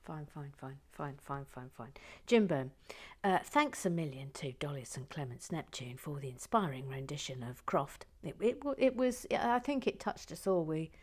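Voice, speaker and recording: Giggling and cutting herself off, a woman works through listener messages in a relaxed chat, frequently drifting into whispers. She speaks in a low, slightly mellow voice.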